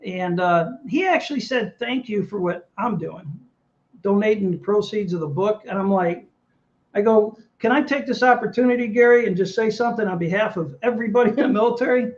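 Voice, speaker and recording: High-voiced man telling a war-veteran story. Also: fairly quick, dull audio. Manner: animated anecdote teller, quotes others. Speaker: Navy veteran guest. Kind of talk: casual storytelling interview.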